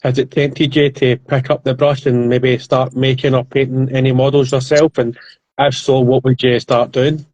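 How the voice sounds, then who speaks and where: Podcast cohost guy, monotone questions, dry muffled audio. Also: medium pitch, normal speed, dry recording. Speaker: podcast co-host. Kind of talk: interview questions.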